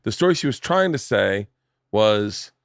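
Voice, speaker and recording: A man in his forties hosting a podcast in a home studio, telling animated stories and acting out the voices of the people in them. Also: lowish voice, a little slow, gravelly, no echo. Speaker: podcast host. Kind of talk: casual chat.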